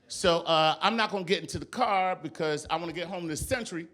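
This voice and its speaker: A New York comic does stand-up on a club stage, telling a story with lively delivery and mimicking other people's voices and accents. His voice is a little high, and he talks fast.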